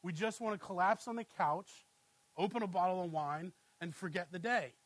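In this poor-quality recording with no echo, a pastor in his thirties delivers a conversational sermon at a moderate pace. His voice is high, and he tells family stories with real animation, frequently asking "right?"

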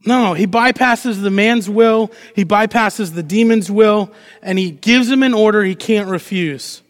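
A man preaching a lively sermon as pastor, asking the congregation rhetorical questions and acting out short quotes with playful energy. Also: sits high, a little slow. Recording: long hall reverb.

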